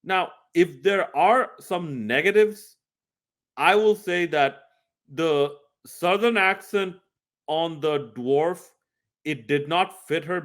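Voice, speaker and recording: A man's voice: on the high side, fairly bright tone. Emphatic man reviewing a video game. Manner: emphatic, earnest, addresses viewers directly. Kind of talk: scripted review talk.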